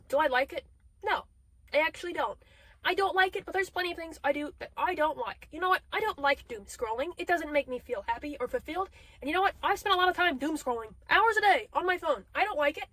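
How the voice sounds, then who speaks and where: A young woman with a high voice rambles through a casual confessional video diary. Her delivery is animated and loose, and she swears freely and jumps between thoughts. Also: no echo. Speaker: video diarist.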